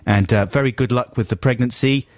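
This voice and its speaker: A man's voice: medium pitch, fairly quick, darkish tone, no echo. A man co-hosting a radio show from a studio, teasing and joking with his co-host and guest. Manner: jokey, teasing, laughs often. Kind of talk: playful radio banter. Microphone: studio microphone.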